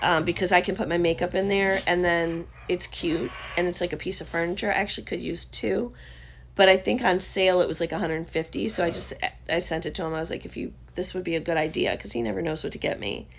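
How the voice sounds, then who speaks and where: A woman's voice: on the low side, fairly even intonation, fast talker, gravelly. Chatty Southern woman with a scratchy voice. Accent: Southern American. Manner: chatty, rambling with many fillers. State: hoarse. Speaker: vlogger. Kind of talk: casual chat to camera. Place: home, indoors.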